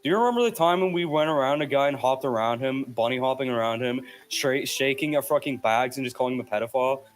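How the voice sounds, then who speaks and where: A man's voice: medium pitch, fast. A young man hosting a podcast, telling rambling, profane stories in casual chat over a headset mic. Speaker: podcast host.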